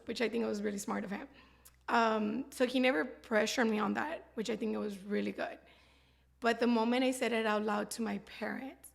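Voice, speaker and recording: A woman's voice: a little high, gravelly. A woman in her thirties, a guest telling her story candidly in a heartfelt, rambling way. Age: 30s. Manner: heartfelt, rambling, with frequent laughs. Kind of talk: candid personal interview talk.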